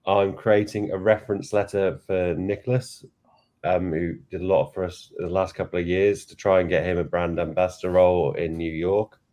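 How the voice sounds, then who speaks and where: A man's voice: deep voice, steady tone, moderate pace, dark tone. A man giving plain, matter-of-fact updates on an ambassador program during a casual community call.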